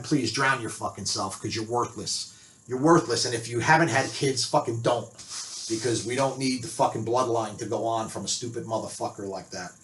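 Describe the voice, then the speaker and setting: An older man from the United States, a biker author, delivering an angry, profane, heated rant as a monologue to his viewers. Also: medium pitch. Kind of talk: ranting monologue. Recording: roomy echo.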